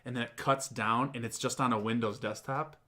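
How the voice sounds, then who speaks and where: A man hosting a casual talk show, retelling events in an animated, profane way and mimicking the people he quotes. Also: mid-range voice, brisk. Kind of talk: casual chat.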